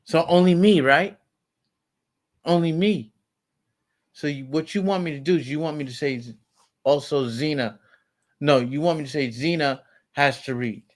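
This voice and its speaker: A man in a heated family argument as a father, talking in a raised, forceful, lecturing way. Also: on the high side, normal speed, pauses often. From United States.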